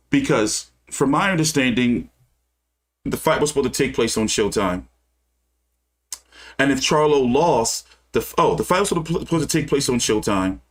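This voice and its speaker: A man hosting a casual boxing livestream, reading news aloud and breaking into heated, profane rants. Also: mid-range voice. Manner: reads news aloud then rants with cursing. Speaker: boxing channel host.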